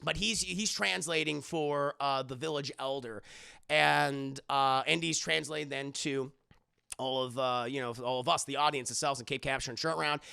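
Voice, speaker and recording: A man's voice: medium pitch, fairly even intonation, normal speed, gravelly, bright, forceful tone, clean tone. A man casually recapping a movie on a livestream, rambling and profane, often talking to his chat and acting out characters' lines. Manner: acts out characters' lines as he retells scenes.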